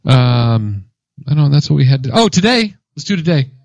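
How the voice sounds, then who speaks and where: A man co-hosting a casual podcast, telling stories in a lively, joking way and acting out what people said. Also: medium pitch, brisk, vocal fry, no echo, highs cut off. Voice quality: lively, joking storyteller who acts out quotes. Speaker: podcast co-host. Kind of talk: casual chat.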